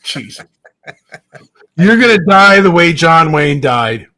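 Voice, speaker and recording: A man's voice: on the high side, big pitch swings, slow, pushed and bright, no echo, poor audio. A man co-hosting a talk show, bickering and exasperated with a caller. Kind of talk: casual radio banter.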